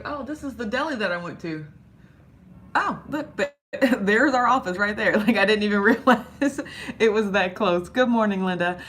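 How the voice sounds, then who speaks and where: Hoarse woman chatting on a live stream. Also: a bit bright, a little hiss or hum. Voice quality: low, husky from strain. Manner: chatty, greets viewers by name. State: hoarse, losing her voice. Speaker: vlogger greeting live chat. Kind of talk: casual live-stream chat.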